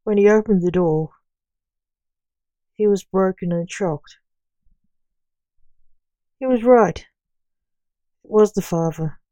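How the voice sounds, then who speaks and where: Slow, mellow woman reading a story. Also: medium pitch, dry recording. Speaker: narrator.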